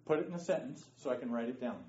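A Bible study teacher races through an interactive lesson in a dark-toned, mid-range voice, emphatically quizzing the class and regularly checking in with "okay?". The audio comes from a distant, dull mic in an echoey room.

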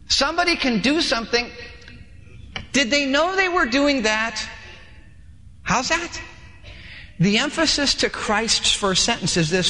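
A male pastor preaching a sermon in a lively way, acting out dialogues in different voices, in a large church hall. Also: extremely high pitch, measured pace, long pauses. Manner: animated, acts out dialogues with shifting voices. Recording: long hall reverb.

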